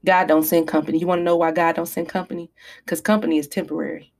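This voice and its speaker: A woman's voice: on the low side, quick pace. Preachy woman podcaster, casual speech. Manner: animated, preachy, apologizing in mock fashion. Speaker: podcast host. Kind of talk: casual advice talk.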